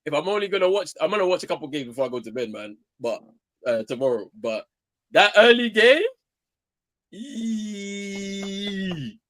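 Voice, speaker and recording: A man with a British accent, co-hosting a casual basketball watchalong, excitable and stammering. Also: medium pitch, fast talker. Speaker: co-host of a sports watchalong. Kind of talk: casual chat.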